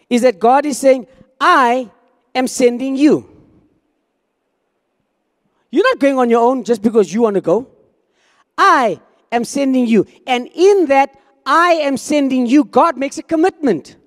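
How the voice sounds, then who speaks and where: A man's voice: very high voice, long reverb tail. A man preaching a sermon as pastor, talking conversationally and acting out quoted dialogue.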